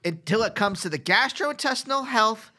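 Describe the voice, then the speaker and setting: A man's voice: high-pitched, animated, normal speed, bright, forceful tone. A man guest on a podcast, chatting casually with dry, wry humor. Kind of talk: casual chat.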